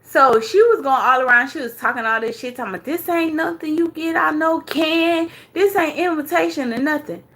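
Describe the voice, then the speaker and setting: A woman hosting a livestream, telling a story with profanity, animated and thanking viewers as she goes. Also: medium pitch. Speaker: commentary host. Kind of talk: livestream commentary.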